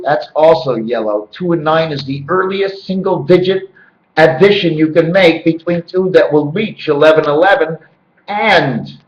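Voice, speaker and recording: A man rambling to his handheld camera indoors at home, jumping between loose word and number associations. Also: high-pitched. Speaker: vlogger. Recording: echoey, dull lo-fi camera audio.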